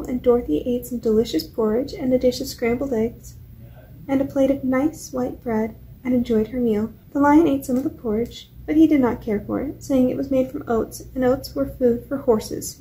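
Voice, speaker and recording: Mellow-voiced woman reading a storybook aloud. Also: high voice, low-quality recording. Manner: steady, clear read-aloud delivery. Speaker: library storytime reader. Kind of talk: reading a children's book aloud. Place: public library.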